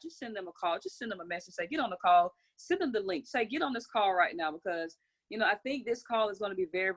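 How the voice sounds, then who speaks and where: A woman hosts a motivational conference call, her voice pitched at an everyday middle height. She drives her points home with energetic repetition and preacher-like call-and-response, speaking into a phone or computer mic. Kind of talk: motivational group call talk.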